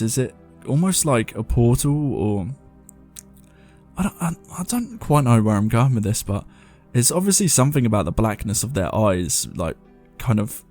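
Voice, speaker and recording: A man's voice: medium pitch, a little mellow. A man hosting a paranormal podcast, chatting casually and reading listener stories aloud in a rambling, self-mocking way.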